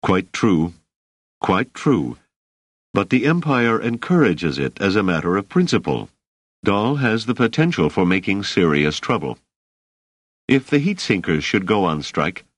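A man's voice: low-pitched, no room sound, heavily acted. A man reading an audiobook and voicing a weary, bitter male rebel leader who argues in an earnest, urgent way.

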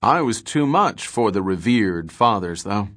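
A man's voice: lowish voice, lively intonation, unhurried, fairly bright tone. A man voicing a weary, gloomy male space trader who talks in clipped, wry remarks.

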